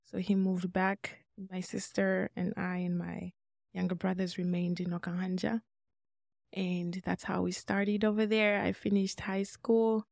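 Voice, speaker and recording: A woman's voice: fairly low pitch, completely flat delivery, a little slow, creaky, darkish tone, dry recording, studio quality. A woman in her twenties from Congo, a guest telling her life story in an interview and acting out remembered dialogue. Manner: earnest, acts out remembered dialogue. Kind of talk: personal storytelling in a podcast interview.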